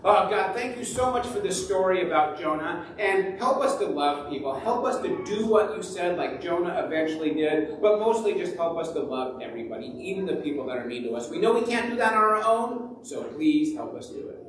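A man as pastor, telling a Bible story to children in an animated way and acting out its voices. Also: sits high, brisk, few pauses, a little hiss or hum. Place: church sanctuary. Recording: echoey church from far off.

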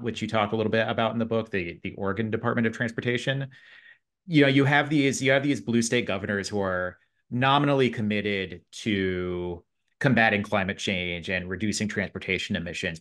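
A man with a slightly low voice co-hosts an interview podcast. He builds long, winding questions, often restarting phrases as he thinks. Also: fairly bright tone. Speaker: podcast co-host.

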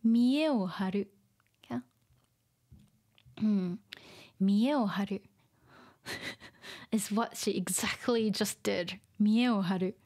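Soft-spoken woman teaching vocabulary. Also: mid-range voice, slow, long pauses. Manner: soft and chatty, mixes Japanese and English, laughs often. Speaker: Japanese teacher. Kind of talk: casual livestream vocabulary lesson.

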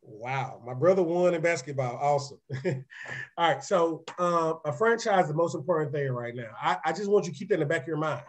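A man with a raspy voice gives a live-streamed motivational business presentation, energetic and chatty, often checking in with his listeners. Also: a little high, fairly quick. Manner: energetic, conversational, often asks "right?"; repeats words and restarts sentences. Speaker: real estate presenter.

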